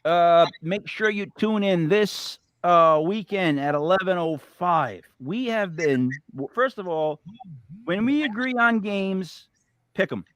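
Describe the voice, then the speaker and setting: A man's voice: high voice, slow pace, smooth, no room sound. A man hosting a casual fantasy football podcast, telling stories and ranting with swearing. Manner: animated, swears when ranting. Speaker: podcast host. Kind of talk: casual sports podcast chat.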